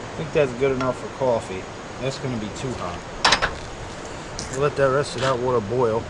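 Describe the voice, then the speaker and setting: A man's voice: mid-range voice, moderate pace, very noisy. A man talking casually to his camera outdoors by his truck, rambling with lots of fillers as he tells a story. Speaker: volunteer vlogger.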